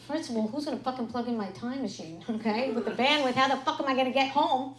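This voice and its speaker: A woman's voice: on the high side, fast talker, few pauses, noisy background. A woman performing a brash, profane stand-up comedy set on a club stage, speaking into a handheld mic. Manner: brash, profane, punchy delivery. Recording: echoey club with loud crowd. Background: audience laughter.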